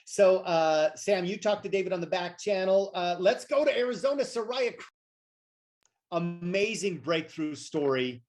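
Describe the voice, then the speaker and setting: A man's voice: high-pitched, animated, darkish tone. A man hosting an online training call, loose and joking, filling gaps with uhs. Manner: loose, joking, fills pauses with uh and um. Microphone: video call.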